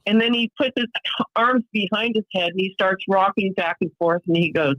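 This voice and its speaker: A woman's voice: medium pitch, steady tone, normal speed, no room sound, lo-fi sound. A middle-aged woman, a guest on a podcast, tells an emotional personal account vividly and acts out what other people said. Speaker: interview guest.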